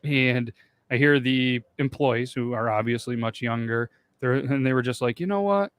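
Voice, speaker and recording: A man's voice: medium pitch, normal speed, clean tone. A man from the United States co-hosting a podcast, telling rambling stories in casual chat. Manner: storytelling, rambling. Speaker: podcast co-host.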